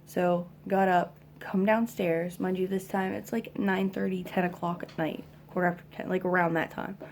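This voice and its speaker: A mother venting about her kids in a rambling, halting way, exhausted, with lots of fillers, at home. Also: fairly low pitch, little pitch movement, darkish tone, a little hiss or hum.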